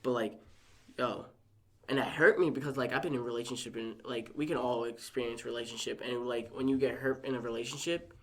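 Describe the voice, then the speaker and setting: Telling a personal anecdote as a podcast guest, the young man is lively and acts out quotes, peppering his speech with "like." He speaks at medium pitch and a little fast.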